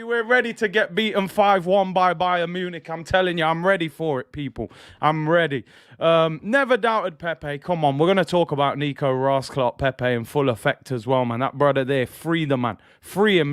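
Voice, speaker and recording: A young man hosting a lively football fan stream, hyped and playful, shouting out his chat while tired after a late night. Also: on the high side, smooth, no echo, clean studio sound. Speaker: football channel host.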